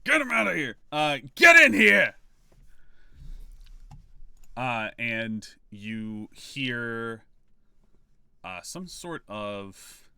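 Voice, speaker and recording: A man narrating a tabletop game as game master, in halting, filler-heavy speech. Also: lowish voice, bright, forceful tone, clear, resonant tone, dry recording.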